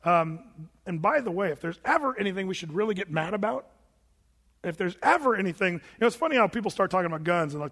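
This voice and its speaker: A man preaching a conversational sermon as pastor, talking loosely with the congregation and now and then mocking shouting preachers. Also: sits high, animated, fast, in a large hall.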